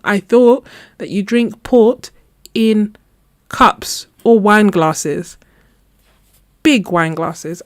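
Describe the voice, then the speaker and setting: A young adult woman chatting casually with her viewers, telling an animated story and laughing often. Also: fairly low pitch, no echo, clean studio sound. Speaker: art channel host. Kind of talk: casual live chat story.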